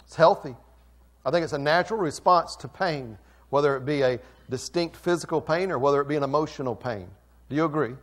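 A man preaching a sermon as pastor, emphatic, swinging from quiet asides to loud calls and repeating phrases for emphasis. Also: a little high, fairly quick.

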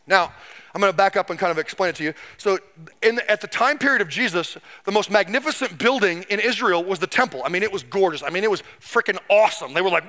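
A middle-aged male pastor delivering a sermon in a high, bright voice. He tells history as an energetic story, slipping into the voices of the people he quotes. His delivery shifts quickly between punchy asides and slow, weighty emphasis.

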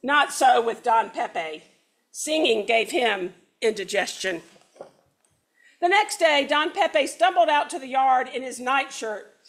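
Brief: high-voiced woman reading a picture book aloud to a congregation, unhurried. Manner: animated, sing-song storytelling with a few slips. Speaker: storyteller reading a children's book in worship. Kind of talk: expressive children's story read-aloud.

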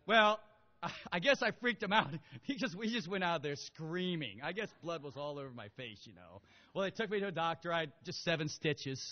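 A man preaching a sermon, animated, moving from quiet storytelling to loud exhortation. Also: a little high, brisk. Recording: lo-fi with long hall reverb.

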